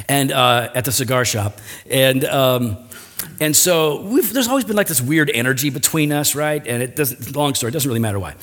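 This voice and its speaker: A man preaching a sermon in a relaxed, conversational manner. His pitch sits in the middle but moves around a lot as he tells a personal story. He keeps slipping in offhand asides. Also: breathy edge. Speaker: pastor.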